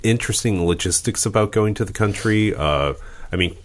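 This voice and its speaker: A man with a notably deep voice joins a relaxed conversation. He thinks out loud, stopping and restarting his phrases. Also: a little hiss or hum. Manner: halting, restarts sentences, thinks aloud. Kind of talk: casual chat.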